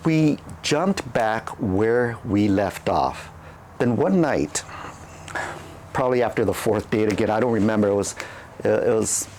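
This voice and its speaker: A man's voice: lowish voice, darkish tone, slight background noise. A man casually telling a candid personal story, rambling and restarting his sentences. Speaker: channel host.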